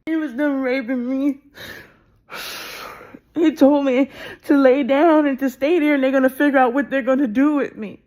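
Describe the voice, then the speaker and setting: A woman telling a personal story in a rapid, intense way, restarting often and swearing. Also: high voice, steady tone, a little mellow. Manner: intense and emotional.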